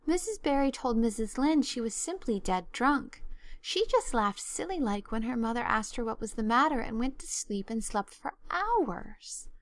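Woman doing a tearful, dramatic girl, high and breathless, storybook reading. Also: animated, moderate pace, no room sound, close to an everyday voice. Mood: tearful explaining. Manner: breathless, tearful, melodramatic pleading. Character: excitable, dramatic young orphan girl.

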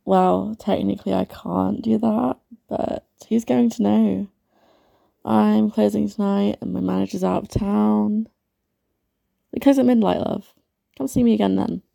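Gravelly flirty barmaid played by a woman, teasing, slow-talking, dark dry voice, audio role-play. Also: medium pitch, steady tone, no echo. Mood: flirty, chatty.

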